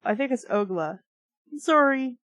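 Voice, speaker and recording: A woman's voice: high-pitched, lively intonation, measured pace, a bit bright, no echo, rough recording. Woman reading aloud with wry asides. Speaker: book reviewer reading aloud. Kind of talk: reading aloud with comic commentary.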